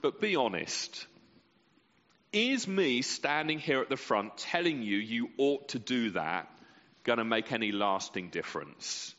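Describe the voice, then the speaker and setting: A man preaching a sermon with passion, letting his voice swell loud and sink to a near hush. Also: very animated, measured pace. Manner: impassioned, with sweeping rises and drops in pitch and volume. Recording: muffled sound with a long reverb in a large hall.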